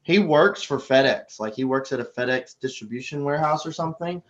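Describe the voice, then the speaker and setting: A man's voice: mid-range voice, brisk, fairly bright tone, lo-fi sound. A man guest in a casual podcast chat, telling stories animatedly and acting out crowd voices.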